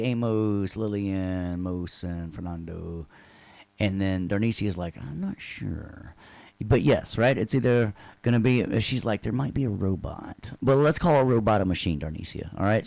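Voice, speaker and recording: A man with a lowish, slightly mellow voice teaches a casual online class at a moderate pace, recorded dry. He's loose and joking, drops sarcastic asides, and keeps checking in with students by asking "right?"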